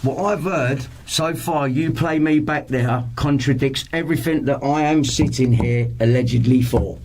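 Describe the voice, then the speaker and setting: A man's voice: mid-range voice, normal speed, a little mellow. A man being questioned by police, answering curtly and defensively. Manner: defensive, curt. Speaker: interviewee in police interview. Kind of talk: police interview.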